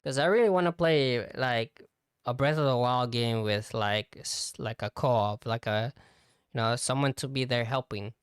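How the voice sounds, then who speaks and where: A man's voice: medium pitch, normal speed, clean tone, no echo, clean studio sound. A young man hosting a casual solo podcast as a VTuber, rambling with lots of fillers.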